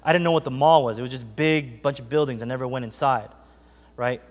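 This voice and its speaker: A male pastor preaching a sermon, telling a story in a lively, conversational way with frequent asides to the congregation. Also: mid-range voice, fairly quick, in a large hall. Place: church sanctuary.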